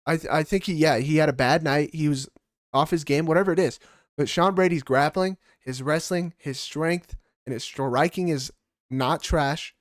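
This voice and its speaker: A man with a somewhat high voice trades fight picks on a casual podcast. He is blunt and heated and swears freely. The sound is dry and close, with no room echo. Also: moderate pace. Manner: blunt, profane, heated opinions. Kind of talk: casual sports chat.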